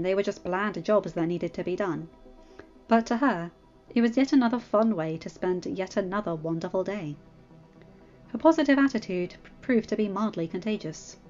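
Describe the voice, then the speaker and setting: A woman's voice: mid-range voice, muffled recording. Woman reading a story aloud. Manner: expressive storytelling. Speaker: audiobook reader. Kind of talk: fanfiction reading.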